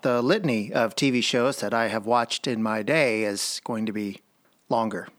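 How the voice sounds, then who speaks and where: A man's voice: medium pitch, normal speed. Easygoing middle-aged man chatting. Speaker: podcast co-host. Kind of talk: casual chat.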